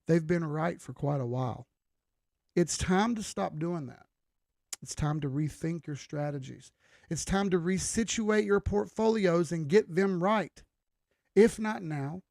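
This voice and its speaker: A man's voice: high-pitched, lively intonation, unhurried, vocal fry, long pauses, darkish tone, no echo, studio quality. A young man hosting a crypto trading livestream, giving an emphatic, preachy, blunt pep talk with casual swearing.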